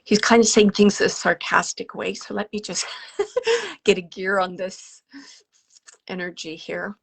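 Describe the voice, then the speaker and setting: A woman giving live mediumship readings to an audience, speaking gently and haltingly, often dropping to a whisper. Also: medium pitch, sing-song, creaky, breathy edge. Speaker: psychic medium.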